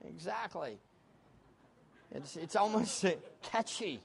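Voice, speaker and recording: Emphatic female preacher, high and very animated, call-and-response style. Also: takes it slowly, vocal fry. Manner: emphatic, asks the audience questions and answers them herself. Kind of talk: sermon.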